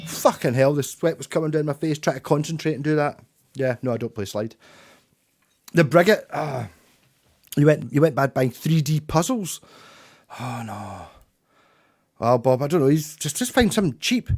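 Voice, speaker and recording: A man's voice: on the high side, expressive, normal speed, pauses often, darkish tone. Rambling Scottish man chatting on stream. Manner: rambling, swearing, chuckling. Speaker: livestreaming musician. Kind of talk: casual chat with viewers.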